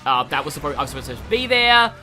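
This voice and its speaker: A fast-talking gaming streamer with an Australian accent delivers casual, rambling let's-play commentary, frequently restarting and using fillers. The mid-range voice is sing-song and sharp, with soft music in the background.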